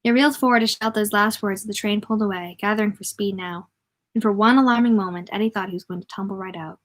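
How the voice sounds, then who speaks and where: A woman's voice: medium pitch, steady tone, fast talker. A woman reading a novel aloud in a casual way, often stumbling, correcting herself and adding joking asides.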